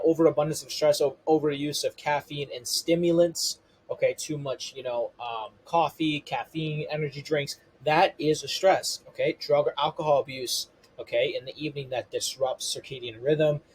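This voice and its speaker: Husky man coaching on health. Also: fairly high pitch, rough recording. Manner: repeats "okay" and "you know" as fillers, explains step by step. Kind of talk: explanatory health lesson to camera.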